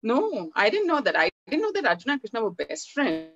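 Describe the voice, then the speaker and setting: A woman gives a talk as an author and tells stories by acting out the dialogue in lively quoted voices. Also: fairly high pitch, fairly quick, muffled recording. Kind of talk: animated storytelling talk.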